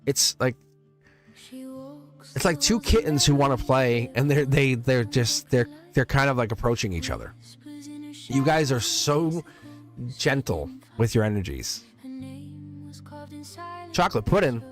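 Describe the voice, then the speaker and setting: A man's voice: mid-range voice, big pitch swings, unhurried, pauses often, soft background music. A man reading tarot cards live for his viewers, chatty, laughing often and repeating himself. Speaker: tarot reader, livestream host.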